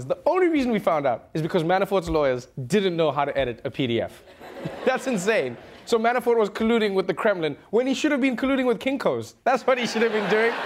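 A man hosting a late-night comedy show, delivering a jokey news monologue in an animated manner. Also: high-pitched, background noise. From Africa. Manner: animated, jokey, puts on silly voices.

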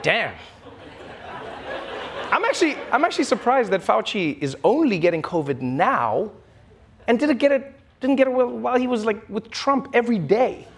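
A man's voice: high voice, breathy edge. A man hosting a late-night show, delivering a comedy monologue with laughing asides. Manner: animated, laughing asides, mock-indignant.

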